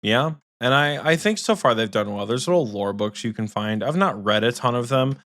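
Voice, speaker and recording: A young man co-hosting a casual gaming podcast, telling lively stories, swearing freely and mimicking his friend. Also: mid-range voice, moderate pace, no room sound, studio quality. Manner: animated storytelling, swearing, mimics friends in quotes. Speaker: podcast co-host.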